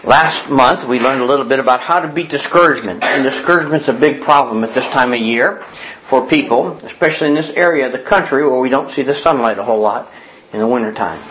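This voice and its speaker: Male pastor, mid-pitch, teaching sermon, deliberate repetitions, slightly dull recording with faint hiss. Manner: repeats key definitions slowly for emphasis; reads scripture aloud with pauses for note-taking. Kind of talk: sermon with opening prayer.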